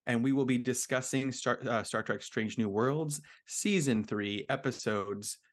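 A man's voice: medium pitch, a little slow. A man from New Jersey hosting a casual podcast chat, joking and laughing often. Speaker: podcast host. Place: Philadelphia.

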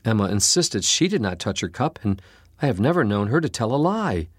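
A man doing a gentle worried mother. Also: on the low side, very animated, a little fast, husky, dry recording. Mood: troubled.

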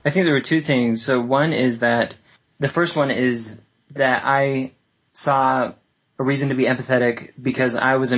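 Male interview guest, measured and reflective, slightly muffled recording. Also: mid-range voice, a bit bright. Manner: thoughtful, measured, pausing with fillers. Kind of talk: reflective conversation.

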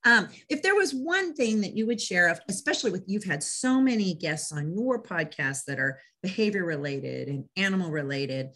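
A woman dog trainer hosts a relaxed interview. She talks with eager enthusiasm and tells lively stories about her clients. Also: fairly low pitch, normal speed, hardly any pauses. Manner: enthusiastic, animated storyteller. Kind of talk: casual interview chat.

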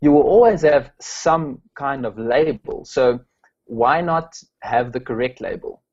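A man's voice: medium pitch, lively intonation, a little slow, darkish tone, dull audio. A man from South Africa, a strengths coach, answering interview questions with many fillers and restarts.

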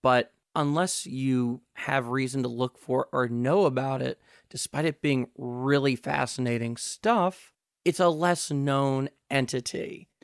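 A man hosting a history podcast, speaking in an earnest, measured way with frequent fillers. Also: medium pitch, clean tone, no room sound, clean studio sound. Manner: earnest, measured, many "you know" fillers. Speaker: podcast host. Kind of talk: podcast hosting, scripted intro then chat. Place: New York City.

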